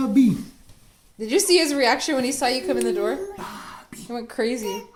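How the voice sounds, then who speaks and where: A woman's voice: high-pitched, a little slow, pauses often, background noise. A young woman filming her baby at home, coaxing him in a sing-song voice. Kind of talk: home video baby talk.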